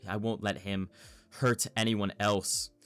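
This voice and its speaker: A man's voice: on the low side, flat delivery, takes it slowly, fairly bright tone, clean tone. A man voicing a determined young male hero who speaks earnestly and resolutely.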